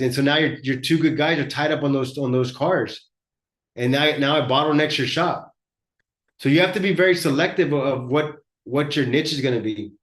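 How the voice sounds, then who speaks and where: Echoey, blunt man coaching shop owners. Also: medium pitch. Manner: blunt, conversational coaching with frequent word repeats. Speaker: host and auto body shop owner. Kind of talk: casual live business workshop talk.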